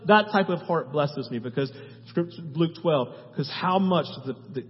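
A man's voice: on the high side, moderate pace, breathy edge. Preaching man in an echoing church hall. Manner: swings from loud urgent preaching to hushed prayer. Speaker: pastor. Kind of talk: sermon and prayer. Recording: muffled sound in a reverberant hall with faint music.

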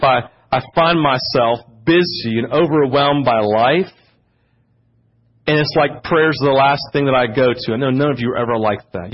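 A man preaching a sermon as pastor, growing louder and higher when he gets fired up. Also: breathy edge. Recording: dull lo-fi church audio.

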